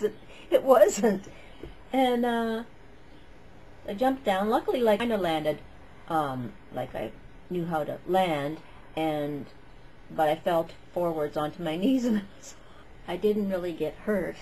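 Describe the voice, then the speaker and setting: A woman's voice: mid-range voice, measured pace, mellow, slight background noise, rough recording. A woman telling a story in a casual vlog, chatty and meandering, full of "like" and "um".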